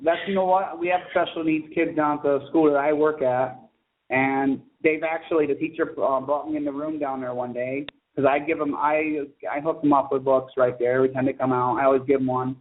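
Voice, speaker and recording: A man's voice: a little high, level tone. A man, a children's book author, chatting as a guest and telling stories eagerly and ramblingly. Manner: eager storyteller, quick and rambling. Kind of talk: casual phone interview chat. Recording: tinny phone line with faint hiss.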